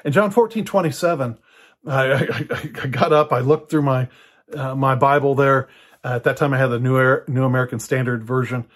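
A man's voice: mid-range voice, fairly even intonation, brisk. An older man preaching, telling a personal story in a conversational way with frequent fillers and restarts. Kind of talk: personal teaching talk.

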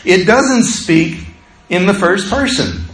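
A man preaching a sermon as pastor, talking in a conversational, animated way and telling stories with laughter. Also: sits high, takes it slowly, reverberant, poor audio.

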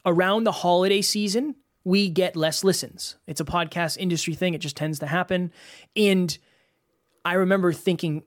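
A man's voice: high voice, normal speed. Reflective male podcast co-host. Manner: reflective, asks himself questions and answers them. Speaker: podcast co-host and business coach. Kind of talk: casual podcast talk.

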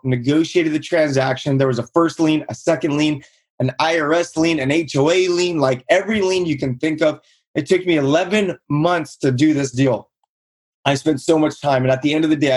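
A man in his thirties from Southern California, telling his own story in a casual interview and acting out quotes with a raised voice. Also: moderate pace. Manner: energetic storyteller, acts out quotes in higher voice. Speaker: guest, real estate investor.

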